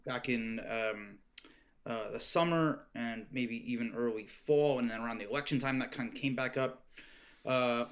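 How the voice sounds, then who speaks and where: A middle-aged man chatting casually as a podcast guest, rambling with frequent restarts and fillers. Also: mid-range voice. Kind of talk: casual interview chat. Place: Oregon home.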